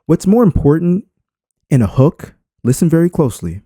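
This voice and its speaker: Emphatic man with a lively, swinging voice. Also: on the high side, moderate pace, no room sound, studio quality. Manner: unscripted, emphatic, swings inflection for effect. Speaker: YouTube creator. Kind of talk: screen-recorded tutorial talk.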